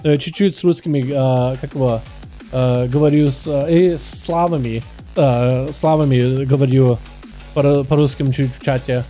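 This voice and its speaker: A man streaming live, chatting with his viewers and commentating game duels in an energetic, hyped way. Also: medium pitch, normal speed, soft background music.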